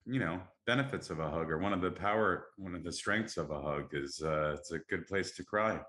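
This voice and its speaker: A man's voice: deep voice, fairly quick, fairly bright tone. A man hosting a casual podcast, talking in an upbeat, enthusiastic way. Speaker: podcast host. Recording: echoey room.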